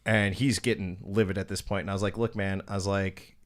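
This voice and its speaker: A man's voice: sits low, fairly even intonation, racing, hardly any pauses. Profane rambling man telling stories. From Wisconsin. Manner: profane, rambling, acts out quoted dialogue. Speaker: podcast host, former strip club DJ. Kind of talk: casual storytelling chat.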